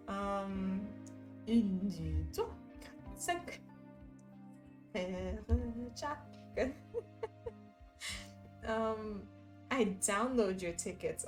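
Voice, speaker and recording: Young woman streamer, giggly and chatty, mid-pitch, faint music underneath. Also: drawn-out words, long pauses. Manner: giggly, chatty, reads chat messages aloud. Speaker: livestreamer reading chat. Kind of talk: casual stream chat while stitching.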